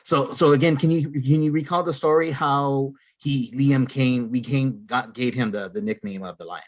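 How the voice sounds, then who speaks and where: A man's voice: mid-range voice, fairly even intonation, normal speed. A man hosting a podcast in a casual, affirming way, often repeating words and saying uh. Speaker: podcast host. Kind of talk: casual conversation.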